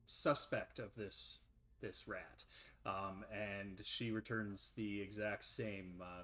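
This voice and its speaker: Relaxed and peppered with ums and uhs, a male game master narrates scenes for a tabletop role-playing game in a lowish voice.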